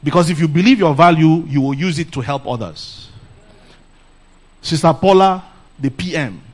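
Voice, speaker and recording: A middle-aged man from Nigeria with a Nigerian accent, preaching a lively sermon and laughing often. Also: on the high side, normal speed. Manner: animated, laughs often, calls "Praise the Lord". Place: church camp meeting.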